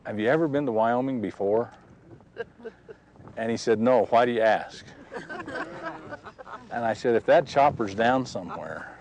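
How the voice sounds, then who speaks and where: A man telling a personal story in a folksy, animated way, recorded outdoors. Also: mid-range voice, dull audio, slight background noise. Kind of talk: personal testimony told outdoors.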